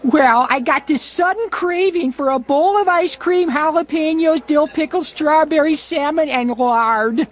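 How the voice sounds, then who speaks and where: A woman's voice: sits high, unhurried, hardly any pauses. A woman voicing a timid, anxious boy sidekick in a cartoon. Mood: defensive. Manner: nervous, hesitant, whiny. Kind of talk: cartoon voice acting.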